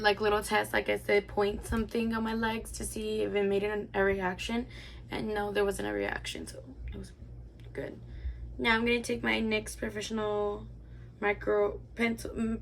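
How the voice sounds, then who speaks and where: Chatty young woman with a gravelly edge. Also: medium pitch, slight background noise. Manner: chatty, rambling, lots of "like" fillers. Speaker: beauty vlogger. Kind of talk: casual makeup tutorial and storytime.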